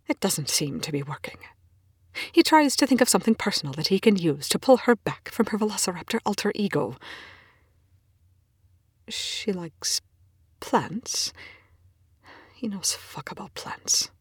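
A woman reading a fan story aloud, expressive and often dropping into whispers, with casual swearing. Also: medium pitch, unhurried, pauses often, breathy edge, dry recording, clean studio sound. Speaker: reader. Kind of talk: fan fiction read aloud.

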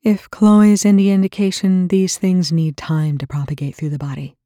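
A woman's voice: lowish voice, flat delivery, normal speed, dark tone, no echo, studio quality, pitched above the performer's own voice, natural voice. A woman voicing a stern, tired female medic who speaks firmly and matter-of-factly. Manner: firm, matter-of-fact.

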